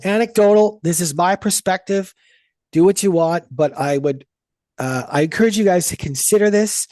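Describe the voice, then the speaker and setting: A woman's voice: fairly low pitch, darkish tone, no echo. A woman coaching a group on a video call about sales, talking bluntly and energetically with plenty of swearing.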